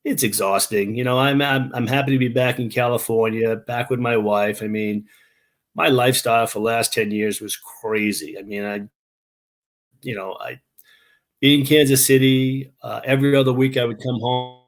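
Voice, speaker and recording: Man, middle pitch, halting, long-winded explainer, video call. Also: fairly even intonation. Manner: halting, restarts often, explains at length. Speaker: interview guest. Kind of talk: casual remote interview.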